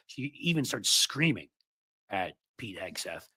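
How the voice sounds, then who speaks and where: A man's voice: mid-range voice, big pitch swings, fast, a bit bright. A man hosting a livestream of political commentary, sarcastic and mocking.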